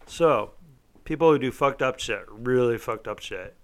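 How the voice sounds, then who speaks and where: A man's voice: mid-range voice, a little slow. A young man talking casually on a podcast, rambling and swearing freely, tipsy as he jokes and argues. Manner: profane, rambling, says he is tipsy. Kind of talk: casual chat.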